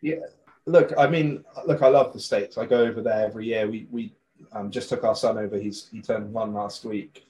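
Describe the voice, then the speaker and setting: A man's voice: lowish voice, moderate pace, rough recording. Podcast guest, young man, West Country English accent, easygoing and friendly. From West Country, England. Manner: relaxed, friendly, uses fillers. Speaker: guest, hot sauce maker. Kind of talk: casual chat.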